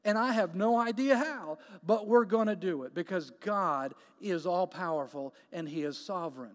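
Guy preaching a sermon, pretty high voice, hammers points with repeated questions, big echoey hall. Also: normal speed, hardly any pauses. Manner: emphatic, repetitive preaching with rhetorical questions.

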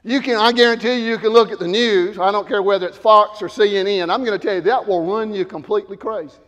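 A man preaching a sermon to a congregation, swinging from loud shouted emphasis down to low, quiet asides. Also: fairly even intonation, quick pace, long reverb tail.

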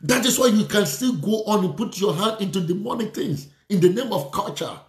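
A man's voice: high voice, animated, fairly quick, echoey room. A man preaching a sermon, fervent and repetitive, speaking declarations and prayer over his listeners.

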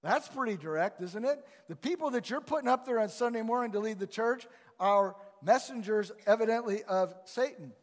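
A man's voice: high voice, normal speed. A male pastor preaching a sermon in a conversational, emphatic way in a church. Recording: long reverb of a large hall.

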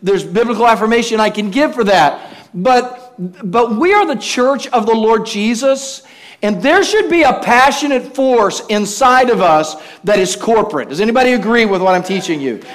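Speaking at normal speed in a high voice, a preacher shares funny everyday stories in his sermon. He acts out quoted voices with animated humor and asks the congregation to respond.

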